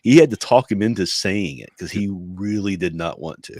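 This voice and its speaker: A man with a deep voice co-hosts a loose podcast chat, circling his points with many restarts and chuckles. His voice sits close to the mic in a dry, dead space. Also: normal speed, a little mellow, no echo. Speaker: co-host. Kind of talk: casual podcast banter.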